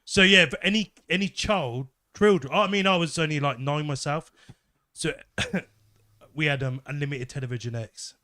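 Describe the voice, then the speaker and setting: A man's voice: fairly high pitch, moderate pace, sharp tone. A man co-hosting a podcast, chatty and laughing as he tells a story. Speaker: podcast co-host. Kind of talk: casual chat.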